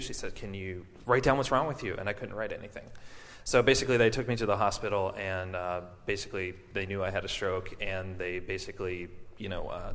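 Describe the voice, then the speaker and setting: Halting man in a reverberant hall. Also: on the low side, fairly bright tone, slight background noise. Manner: halting, many fillers and restarts, self-deprecating. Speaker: performer and stroke survivor. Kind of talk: storytelling to a live audience.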